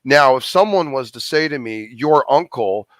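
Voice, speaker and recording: A man's voice: medium pitch, animated, normal speed, fairly bright tone, no room sound. A man hosting a live call-in stream, wordy, often restarting his sentences. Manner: wordy, with frequent restarts and fillers. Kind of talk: casual live-stream chat.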